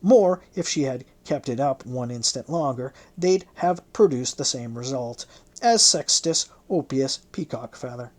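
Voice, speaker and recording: An audiobook narrator reading a historical novel in the first person, in a measured, literary way. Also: medium pitch, expressive.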